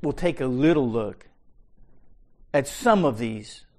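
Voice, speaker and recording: A man teaching a Bible study sermon, emphatic and repeating his key words, swinging from quiet asides to loud pronouncements. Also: medium pitch, animated, slow.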